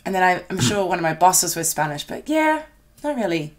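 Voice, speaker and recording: A woman co-hosting a reaction video, chatting and musing out loud. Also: on the low side, big pitch swings, brisk. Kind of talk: casual reaction chat.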